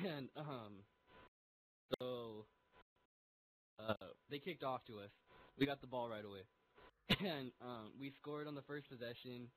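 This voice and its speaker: A man's voice: medium pitch, a little slow, pauses often, rough recording. Rambling young guy telling a story. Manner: rambling, full of fillers and laughs. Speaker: vlogger. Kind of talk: casual storytelling.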